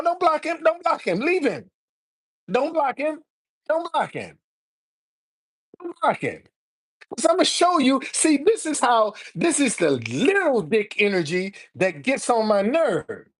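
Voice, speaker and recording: A woman in her seventies hosting a live stream, talking heatedly to her viewers with a lot of repetition, restarts and swearing. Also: sits high. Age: 70s. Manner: fiery, repetitive, profane, stammering restarts. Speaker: livestream host answering viewers.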